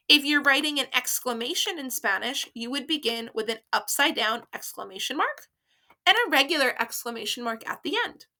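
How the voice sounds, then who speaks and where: A woman with a high, bright voice gives a beginner Spanish lesson. She talks patiently and carefully, saying each phrase slowly for learners to repeat. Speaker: Spanish teacher. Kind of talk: slow, clear language lesson with repeat-after-me drills.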